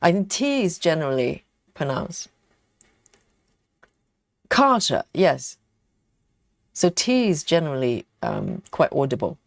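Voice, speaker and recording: A woman hosts a relaxed craft livestream, reading out viewers' comments and answering them. Her voice moves lively up and down, but she talks slowly with plenty of pauses and small laughs. The sound is close and dry, with no room around it. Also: sits low, vocal fry, dry recording. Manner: laughs often, chatty, repeats words while thinking. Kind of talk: casual chat reading live comments.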